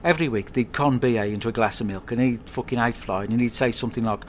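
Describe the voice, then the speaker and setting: Talking fast in a mid-range voice, a podcast host delivers a rambling, comedic monologue from home, full of swearing and delivered deadpan. Faint ambient noise can be heard in the background.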